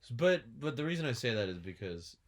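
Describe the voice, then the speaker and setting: A man's voice: mid-range voice, sing-song, quick pace. A man co-hosting a podcast, chatting casually and joking, slipping into silly voices for his bits. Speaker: podcast co-host. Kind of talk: casual chat.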